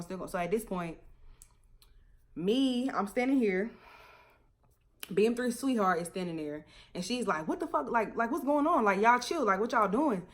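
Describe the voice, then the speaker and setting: A young woman vlogger telling a story in a casual, animated way, laughing often and swearing freely. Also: medium pitch.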